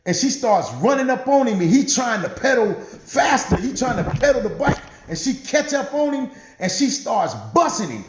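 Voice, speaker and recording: A man's voice: very high-pitched, normal speed, background noise. A man telling a true story in a casual, profane, laughing way, with roomy echo. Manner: profane, animated, laughing often.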